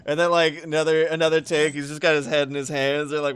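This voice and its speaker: A man's voice: a little high, fast talker, clear, resonant tone, no echo, studio quality. A young man chatting casually on a livestream while he draws, rambling and swearing with lots of fillers. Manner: animated, profane, rambling with many fillers. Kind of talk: casual chat while drawing.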